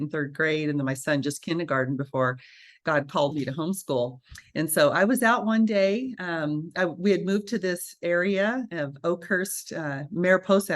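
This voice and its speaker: With a low voice, a woman who works as a registered nurse shares her story in a relaxed interview, lively and performing the voices of those she quotes.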